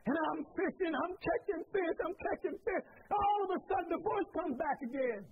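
A middle-aged man preaching a sermon, telling a story with repeated phrases and building to shouts. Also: very high-pitched, moderate pace. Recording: tinny phone-like sound.

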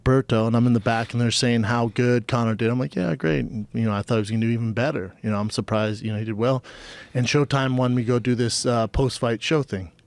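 A man's voice: mid-range voice, no echo. A man in his thirties, a podcast guest in a casual chat, telling a story with energy and acting out what each person said. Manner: animated storyteller, acting out quoted exchanges.

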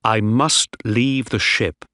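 A man's voice: medium pitch, fairly even intonation, slow, pushed and bright, dry recording. A man voicing a young male ship officer, desperate and defiant, who speaks firmly.

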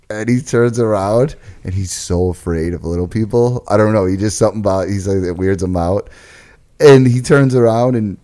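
A man's voice: fairly low pitch, normal speed, dark tone. A man co-hosting a casual podcast, telling stories in a laid-back way, swearing freely. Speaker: podcast co-host. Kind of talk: casual chat.

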